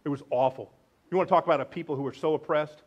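A male pastor giving a lively, joking sermon, swinging between loud declarations and hushed asides. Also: on the high side, very fast, dull audio. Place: church sanctuary.

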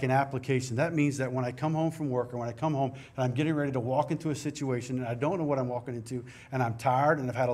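In a church sanctuary, a middle-aged pastor preaches a sermon in a medium-pitched, darkish voice. He is earnest and conversational, blending scripture readings with personal stories.

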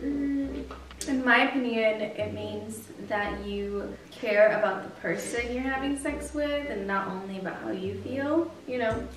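A woman's voice: a little high, unhurried, noisy background. Giggly tipsy young woman. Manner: giggly, animated storytelling. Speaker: guest, best friend. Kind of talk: casual chat. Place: indoors at home. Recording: echoey room, from far off, music behind.

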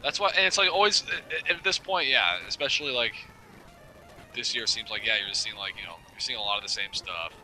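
A man's voice: medium pitch, a little fast, pushed and bright, faint music behind, poor audio. A young man co-hosting a casual gaming let's play, chatty and teasing, often laughing. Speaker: co-host.

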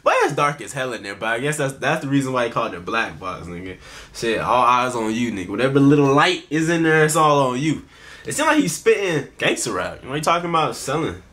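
A man's voice: medium pitch, very animated, fast talker, bright, forceful tone. A man hosting a reaction video, talking in a laid-back, slang-heavy casual style to his viewers.

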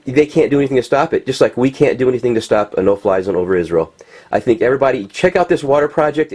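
A man rants in a heated, rambling way while he talks over pictures. He swears freely and stumbles through plenty of ums and uhs. His voice sits at an ordinary middle pitch for a man. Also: darkish tone. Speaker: political commentator. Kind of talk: impassioned commentary over pictures.

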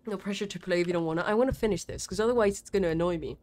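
A young woman streaming a game live. She swears a lot and swings between panicked shrieks and low mumbles. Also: very fast, a little mellow. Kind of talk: live gameplay commentary.

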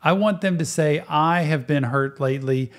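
A man's voice: a little high, normal speed. Earnest male therapist giving commentary. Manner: earnest, advising. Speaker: therapist and reaction host. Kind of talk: casual reaction commentary.

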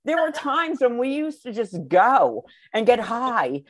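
A woman guest in a casual chat, telling animated stories with a lot of laughter and some hesitant fillers. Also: on the high side, measured pace, no echo.

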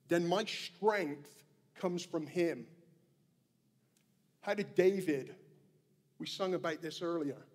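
A male pastor preaching a sermon in a church, earnest and emphatic, repeating his key phrases. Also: high voice. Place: church sanctuary. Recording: long hall reverb.

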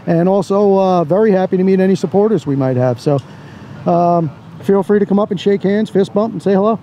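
A man's voice: sits high, brisk, mellow, slight background noise. A man filming outdoors as a First Amendment auditor, giving blunt, sarcastic, casual commentary to his camera with some swearing. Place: outdoors by a parking lot.

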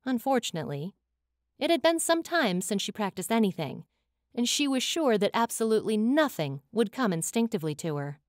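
A woman narrating a fantasy audiobook in an expressive, dramatic reading, close to a studio mic. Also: fairly high pitch, fairly quick, no echo.

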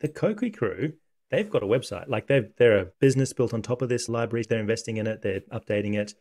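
A man hosting a casual coding tutorial, talking through software on screen in a relaxed, conversational way. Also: medium pitch, fast talker. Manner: relaxed, conversational, thinks aloud.

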